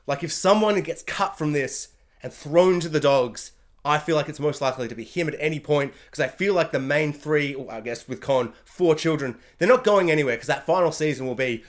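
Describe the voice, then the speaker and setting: A high-pitched man reviews a TV season in an animated, gushing rant. He piles up superlatives and jumps into brief impressions of the characters. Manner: excitable, gushing, mimics characters in quick bursts.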